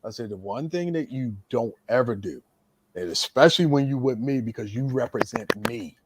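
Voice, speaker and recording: A man's voice: mid-range voice, moderate pace, slightly rough, dry recording. A man, a veteran wrestler, telling stories casually on a podcast and acting out the quotes. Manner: animated storyteller, acts out quotes. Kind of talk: casual storytelling chat.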